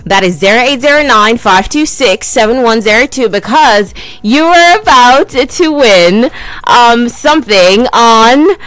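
A woman radio presenter, hosting a lively call-in giveaway in a playful, teasing way. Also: a little high, a little slow, no room sound. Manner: playful, teasing, repeats herself.

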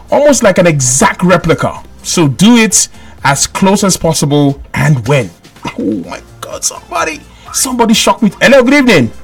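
A Nigerian man runs a radio call-in game from the studio, lively and teasing as he chats with callers. His voice sits a little high for a man. Faint music plays behind him. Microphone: studio microphone.

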